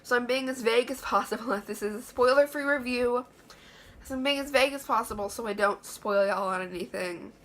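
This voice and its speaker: A woman's voice: a little high, a little fast, a bit bright. A woman giving an enthusiastic, chatty book review in a room lined with books. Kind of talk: casual book review vlog.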